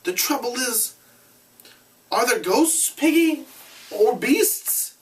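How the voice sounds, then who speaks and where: A man's voice: very high-pitched, expressive, slow pace, recorded from a distance, pitched above the performer's own voice, heavily acted. An earnest boy leader, raised and urgent as he tries to hold things together, as a man reads him aloud. His tone swings up and down with his worry. The voice sits a little back from the mic. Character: earnest boy leader, worried and trying to keep order.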